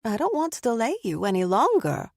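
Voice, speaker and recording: A woman voicing a kind, gentle woman who speaks encouragingly. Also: a little high, big pitch swings, brisk, no echo, clean studio sound, voice pushed up.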